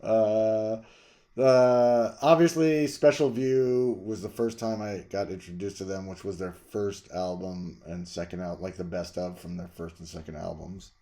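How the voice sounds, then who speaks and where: A middle-aged man, the host, chatting casually and rambling about his record collection, jumping to loud emphasis. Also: deep voice, steady tone, unhurried. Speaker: vlog host reviewing records.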